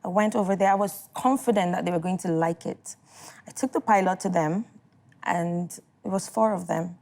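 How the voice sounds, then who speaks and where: A woman's voice: lowish voice, moderate pace, gravelly, darkish tone. A young adult woman with a Nigerian accent, a TV host and producer, telling a story as a studio talk show guest and acting out what others said to her. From Northern Nigeria. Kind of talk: casual studio interview, storytelling.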